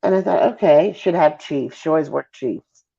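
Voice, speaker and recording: A middle-aged Midwestern woman giving an emotional interview as a mother. She talks haltingly, breaks off and apologizes, with a gravelly edge to her voice. The call audio sounds dull and lo-fi. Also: deep voice, mellow.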